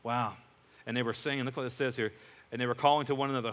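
A man preaching a sermon as pastor, emphatic, building up to loud exclamations. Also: medium pitch, steady tone, fast. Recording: long hall reverb.

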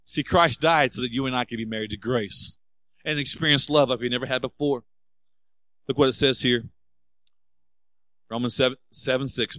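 Lively male pastor, slightly high voice, dry close sound, peppers the crowd with questions. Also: a little fast, dry recording, poor audio. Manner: animated, rhetorical questions to the congregation; acts out quoted voices. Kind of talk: sermon.

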